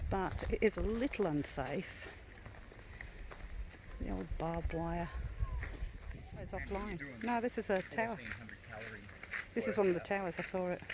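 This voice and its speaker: An Australian woman co-hosting a walking vlog, chatting and explaining local history in a matter-of-fact way outdoors. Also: fairly low pitch. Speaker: vlog co-host and walk guide. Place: outdoors on a creekside park trail. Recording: outdoor recording with clear background noise.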